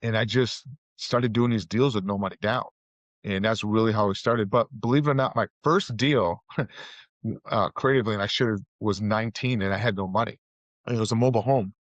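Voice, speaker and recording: A man's voice: on the low side, fairly quick, no room sound. A middle-aged man, a real estate guest, telling loose, rambling stories full of fillers and restarts. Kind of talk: casual storytelling interview. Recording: dull, muffled audio.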